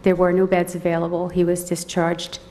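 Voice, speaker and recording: A middle-aged woman, a mother and advocate, giving public comment at a county board meeting, emotional and close to tears, halting and repeating words. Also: lowish voice, monotone, mellow. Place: large council chamber. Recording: long hall reverb, faint noise.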